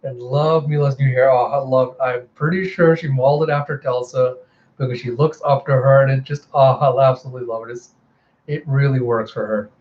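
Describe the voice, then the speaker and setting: Mellow man gushing over comics. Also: medium pitch, fairly quick, highs cut off. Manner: excitable, gushing asides. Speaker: comic book reviewer. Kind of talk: casual comic readthrough.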